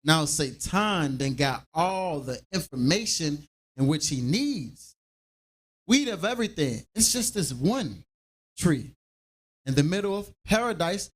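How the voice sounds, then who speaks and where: A man leads a scripture class in a lively preaching style, acting out everyday conversations to drive his points home. His voice sits on the high side, and he talks a little slowly.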